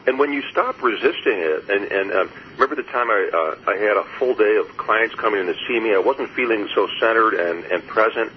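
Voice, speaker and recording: Low-voiced reflective man on lo-fi audio. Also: fairly quick, hardly any pauses. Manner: reflective, storytelling, laughs softly, many fillers. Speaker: guest, therapist. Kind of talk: conversational interview. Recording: muffled lo-fi audio with faint hiss.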